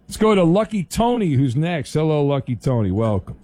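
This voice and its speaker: A man hosting a call-in radio show, teasing callers in a dry, deadpan way with stammered restarts. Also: on the high side, brisk. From Southern California. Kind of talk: casual call-in radio banter.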